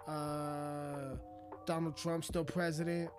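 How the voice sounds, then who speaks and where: A high-pitched man rants straight into the camera, swearing hard and mocking his target. His delivery is aggressive and loose, with music playing clearly behind him. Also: level tone, slow pace. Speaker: rapper. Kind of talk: profane ranting monologue.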